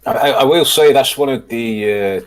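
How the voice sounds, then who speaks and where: A man talking in a casual podcast chat, halting and repeating his words as he thinks aloud. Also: mid-range voice. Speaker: podcast panelist.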